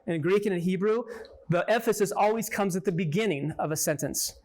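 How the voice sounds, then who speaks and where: High-voiced man teaching conversationally. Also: fairly quick, darkish tone. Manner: conversational, peppers points with "right?" and questions to listeners. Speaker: Bible teacher. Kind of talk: interactive Bible teaching to a small group.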